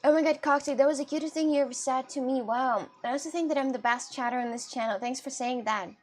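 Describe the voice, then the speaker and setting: Giggly high-voiced woman with a Russian-British accent. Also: fast, a little hiss or hum. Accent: Russian mixed with British. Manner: giggly, chatty, laughs often. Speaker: live streamer reading chat. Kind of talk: casual live-stream chat.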